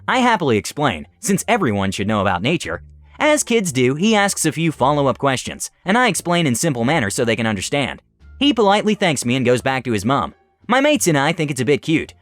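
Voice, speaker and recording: A man narrating online stories in an animated, scripted way. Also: fairly high pitch, dry recording. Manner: animated storytelling.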